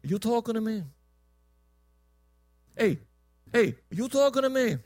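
A man putting on a gravelly New York tough-guy voice, an impression of a famous film actor. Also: very high-pitched, animated, slow pace, darkish tone, no room sound, clean studio sound, full character voice. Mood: challenging.

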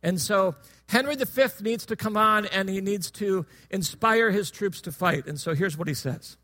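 A man preaching a sermon in a relaxed, conversational way, joking with his listeners and asking them questions. His voice is strikingly high for a man and bright in tone. He shifts easily between teaching and humor. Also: moderate pace.

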